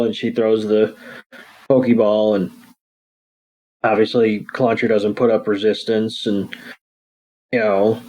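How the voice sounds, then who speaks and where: A man's voice: mid-range voice, fairly even intonation, unhurried, long pauses, darkish tone, rough recording. A man co-hosting a podcast, casually recapping a cartoon episode with crude jokes. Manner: laid-back, crude joking. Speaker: podcast co-host.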